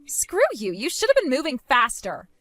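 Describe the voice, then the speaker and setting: A woman's voice: high-pitched, big pitch swings, normal speed, a bit bright. A woman voicing a greedy, entitled young sister-in-law with a whiny, sing-song, demanding manner in a voiced story drama. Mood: defiant.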